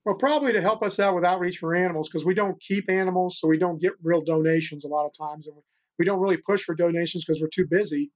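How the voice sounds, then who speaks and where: Older male guest, high-pitched, earnest and rambling; muffled lo-fi audio. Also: quick pace. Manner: earnest, rambling, many restarts. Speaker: guest, animal rescuer. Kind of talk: storytelling interview talk. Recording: dull lo-fi sound.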